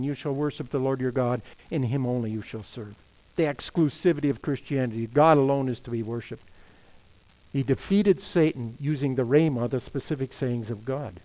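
A man's voice: a little high, rough recording. A middle-aged man preaching a sermon as pastor, emphatic, firing off rhetorical questions and quoting scripture.

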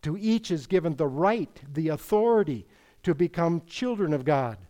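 Preaching an expository sermon at a moderate pace, a man with a high-leaning, expressive, warm voice quotes scripture in King James wording. His delivery is emphatic and full of rhetorical questions.

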